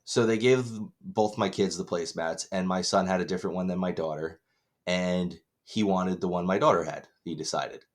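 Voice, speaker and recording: Thirties male co-host with a lowish voice: swears freely and rambles through his stories. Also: moderate pace. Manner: profane, rambling storyteller. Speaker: podcast co-host. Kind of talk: casual chat.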